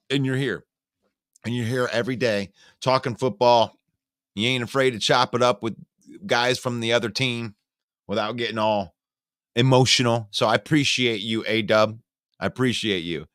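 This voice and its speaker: Male sports stream host, crisp and dry up close, talks loose and opinionated to his live chat. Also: mid-range voice, dry recording. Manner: chatty, greets viewers by name and reads comments; opinionated and animated, rants with sarcasm. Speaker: sports talk show host.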